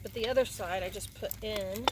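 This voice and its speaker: A woman's voice: medium pitch, fairly quick, heavy background noise. A woman bantering with friends outdoors by a campfire. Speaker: camping friend. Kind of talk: casual chat.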